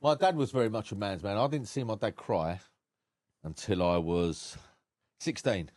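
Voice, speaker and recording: A man with a very low, deep voice tells his own story on a podcast. He speaks frankly and with emotion and swears freely. His voice sounds close and dry, with no room echo. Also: moderate pace, darkish tone. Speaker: podcast guest. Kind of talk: candid personal storytelling.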